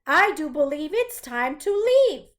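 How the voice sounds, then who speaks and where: A woman's voice: sits high, big pitch swings, unhurried, a bit bright, exaggerated voice. A woman voicing a stubborn, greedy male billy goat in a storybook read-aloud, in a sing-song manner. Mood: pained.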